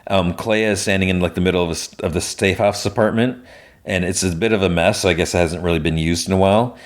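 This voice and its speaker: A man's voice: low-pitched, fairly even intonation, fast. A man hosting a podcast, casually recapping a TV episode, peppering his retelling with "like" and "he's like". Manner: retells scenes with lots of "like" and "he's like". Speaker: podcast host.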